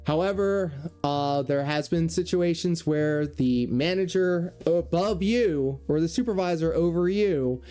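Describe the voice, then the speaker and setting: A man's voice: fairly high pitch, a little slow, hardly any pauses, dark tone, clean tone, faint music behind. Sarcastic, profane man reacting to a clip. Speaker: reaction commentator, former cable technician. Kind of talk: casual reaction commentary.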